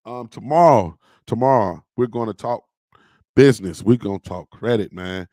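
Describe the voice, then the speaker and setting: A man's voice: lowish voice, normal speed, dark tone, no room sound, studio quality. A man hosting a casual livestream, chatting loosely with his viewers and peppering his talk with "man" and "y'all". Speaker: podcast host on a livestream.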